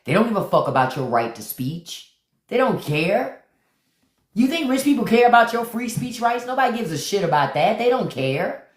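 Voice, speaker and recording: In an echoey room, a livestream host talks in a medium-pitched, sing-song voice at normal speed. Her commentary is blunt and preachy, with repeated lines for emphasis and viewers greeted by name.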